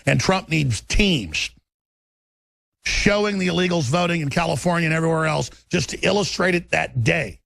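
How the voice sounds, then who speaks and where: A man's voice: on the high side, lively intonation, moderate pace, vocal fry, fairly bright tone, dry recording. A middle-aged man hosting a talk show, ranting in heated political commentary with intense repetition.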